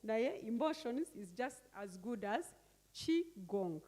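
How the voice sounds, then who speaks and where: A woman's voice: fairly high pitch, animated, slow, long pauses, a little mellow. A woman leading a teaching workshop, often questioning her audience and repeating key words back to them. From Uganda. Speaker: workshop facilitator. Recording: echoey hall.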